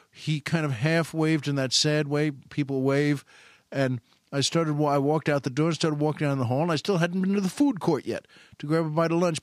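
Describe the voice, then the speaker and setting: A man telling a long personal anecdote in a rambling, halting way, repeating himself and correcting mid-sentence. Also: on the high side, dry recording, studio quality. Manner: repetitive, halting, self-correcting. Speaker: storyteller.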